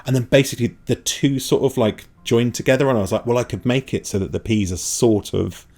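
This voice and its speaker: A man's voice: mid-range voice, a little fast, warm tone. A man in his thirties, a guest animator, chatting in a rambling, self-deprecating way full of fillers. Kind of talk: casual podcast chat.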